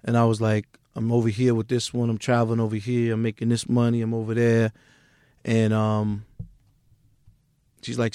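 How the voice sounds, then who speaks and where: A middle-aged man with a New York accent talks bluntly, with a profane, street-wise edge. His voice sits at an ordinary pitch for a man. The recording is dry and close, with no room sound. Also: completely flat delivery, fairly quick, a little mellow, no room sound. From Queens, New York. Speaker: music manager, guest. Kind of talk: candid podcast interview.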